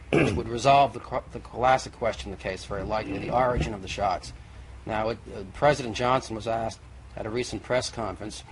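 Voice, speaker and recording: A man arguing as a guest in a televised debate, insistent and methodical, in an old TV recording. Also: medium pitch. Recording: faint noisy old TV recording.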